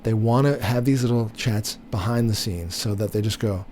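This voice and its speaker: A man's voice: lowish voice, normal speed, darkish tone, slight background noise. A man giving blunt, opinionated political commentary, repeating himself with many fillers and restarts. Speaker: commentary host.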